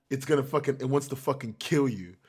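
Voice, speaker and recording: A man's voice: mid-range voice, husky. A man as game master narrating a tabletop game, amused and swearing casually.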